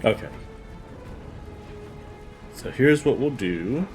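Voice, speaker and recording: A man's voice: mid-range voice, lively intonation, slow. A man streaming a role-playing game, talking through his moves in a laid-back way over game music. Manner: laid-back, talks himself through each move. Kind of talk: let's-play commentary. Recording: game music loud behind voice.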